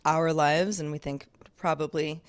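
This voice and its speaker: A woman's voice: low-pitched, a little slow. Chatty woman podcast co-host. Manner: chatty, laughs often, lively rambling. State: sore shoulder. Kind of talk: casual chat.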